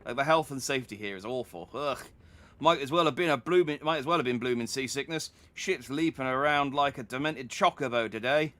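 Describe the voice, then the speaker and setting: Fairly quick and a bit bright, this mid-range male voice stays close to everyday speech, with no echo. He reads game dialogue as a chatty, folksy middle-aged merchant, faking a rustic English accent in a friendly, homely drawl that drops letters.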